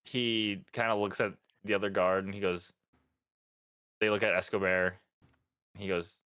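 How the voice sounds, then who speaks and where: A man's voice: low-pitched, flat delivery, brisk, a bit bright, clear, resonant tone, no echo, clean studio sound. A man narrating as game master in a tabletop game, loose and hesitant with many fillers.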